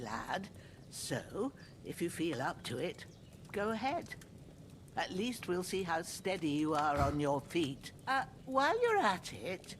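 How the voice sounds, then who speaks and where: A woman's voice: lowish voice, a little hiss or hum. A woman voicing an old rustic village healer in a video game, talking in a homely, folksy, motherly way.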